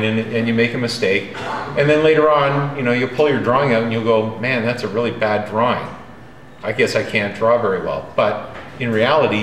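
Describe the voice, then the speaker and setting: Teaching drawing in a roomy classroom with faint ambience, this man lectures directly and emphatically and keeps checking in with his students. His mid-range voice has a fairly bright tone, and there's slight background noise.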